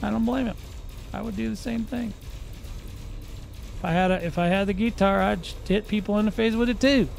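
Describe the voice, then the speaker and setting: This man has a high-pitched voice with vocal fry, fairly even intonation, and a fairly quick pace broken by long pauses, over soft background music. On his gaming channel he gives joking live commentary while playing, mimicking guns with his mouth.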